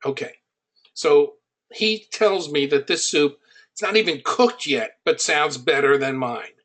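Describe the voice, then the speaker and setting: Slow-talking, higher-voiced middle-aged man coaching. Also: a bit bright. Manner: conversational, anecdotal, emphatic on key points. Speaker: online business coach. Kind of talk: teaching talk told through personal stories.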